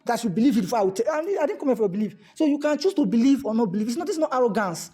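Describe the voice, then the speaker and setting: A Nigerian man giving a motivational talk to a live audience, animated and fond of repeated rhetorical questions, slipping into pidgin. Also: extremely high pitch, rapid-fire, faint music behind. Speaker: motivational speaker.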